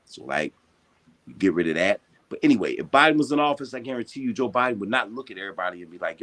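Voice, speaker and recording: A man's voice: lowish voice, expressive, fast talker, fairly bright tone. A man hosting a podcast, talking in a heated, casual and profane way, full of slang and emphasis. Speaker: boxing podcast host.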